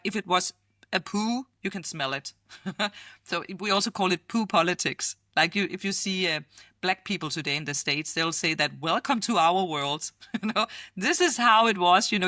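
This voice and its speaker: A middle-aged woman with a Danish accent, a futurist guest in a casual interview, talking lively, laughing often and acting out quoted voices. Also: on the low side, no room sound, studio quality. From Denmark.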